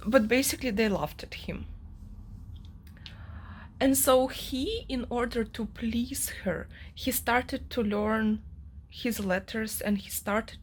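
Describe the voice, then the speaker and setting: A woman's voice: fairly high pitch, slow, breathy edge. A young woman vlogging about a novel she is reading, ranting with strong emotion and many fillers. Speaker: book vlogger. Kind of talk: casual reading vlog monologue.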